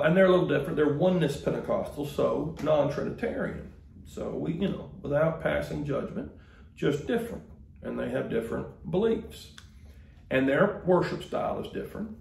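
A pastor delivers a sermon in a folksy, conversational way. His voice is deeply gravelly and fry-laden, and it rings around an echoey sanctuary over faint ambience. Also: animated, normal speed, darkish tone, slight background noise. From Mississippi, US.

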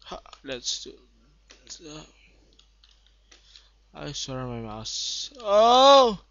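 A young man giving live gameplay commentary, bursting into excited shouts and then muttering low asides. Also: extremely slow, vocal fry, slight background noise. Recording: dull lo-fi home recording.

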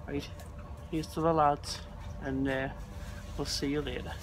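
A man, vlogging casually and excitably on the move through stations and trains, filming on a handheld camera. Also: on the high side, measured pace. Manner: chatty, excitable, laughing often. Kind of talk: casual travel vlog. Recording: crowd and traffic noise around.

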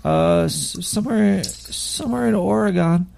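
A man with a very gravelly, fry-heavy voice hosts a radio show, riffing in a rambling, conspiratorial monologue. He swears freely, trips over restarts, and sounds convinced of his own paranoia. His pitch sits a little high and swings around a lot. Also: wildly swooping pitch, a little slow, darkish tone, a little hiss or hum. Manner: profane, stammering, paranoid.

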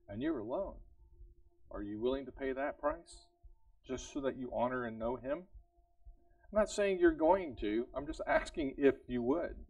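A man's voice: mid-range voice, a little mellow, dry recording, muffled recording. Earnest male preacher, slightly distant mic. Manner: earnest, conversational, asks the congregation repeated questions; laughs lightly between points. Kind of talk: sermon. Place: church service.

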